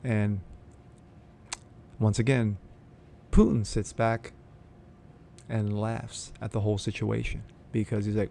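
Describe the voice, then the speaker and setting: A man's voice: on the low side, flat delivery, slow, vocal fry, pauses often, warm tone, a little hiss or hum. A man hosting his own political commentary vlog, reading news aloud and then ranting his opinion in a blunt, profane, sneering way. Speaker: host of a political commentary channel.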